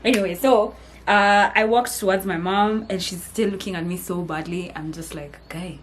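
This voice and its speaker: Animated young Kenyan woman vlogger. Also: medium pitch, moderate pace. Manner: animated, mixing English and Swahili slang, laughing often. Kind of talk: casual storytime vlog.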